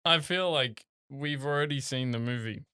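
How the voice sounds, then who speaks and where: Teasing young man with a bright voice. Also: mid-range voice, moderate pace, clean tone, no room sound, studio quality. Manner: teasing, quizzing, laughs often. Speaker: podcast co-host. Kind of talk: casual film review chat.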